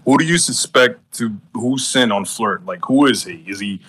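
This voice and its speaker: A man's voice: mid-range voice, moderate pace, fairly bright tone. A man hosting a podcast who talks bluntly and profanely, full of "like" and "dude", while smoking. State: high. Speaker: podcast host. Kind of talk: casual chat.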